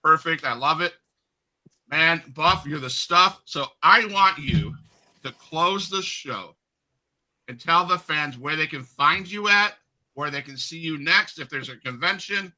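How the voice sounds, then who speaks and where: A man in his fifties hosts a casual interview, his voice pitched a bit high and strikingly bright. He tells stories in a chatty, animated way. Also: a little slow, low-quality recording. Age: 50s. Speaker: podcast host.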